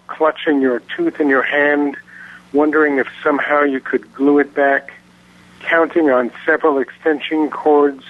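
A man with a slightly raised voice reads his poems slowly and carefully. He comes through a thin, tinny telephone line. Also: a little high, dry recording. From Virginia, US. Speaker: poet and guest caller. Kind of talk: poetry reading.

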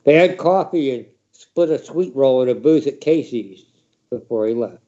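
A man reading a story aloud in a measured, wry spoken-word style, quoting the characters dramatically. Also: mid-range voice, dark tone, dull audio. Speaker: reader.

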